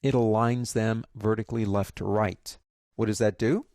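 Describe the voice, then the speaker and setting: Gravelly-voiced man teaching software. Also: on the low side, fairly even intonation, moderate pace, dry recording, studio quality. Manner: chatty, joking asides, guiding step by step. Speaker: software instructor. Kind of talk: screen-recorded tutorial.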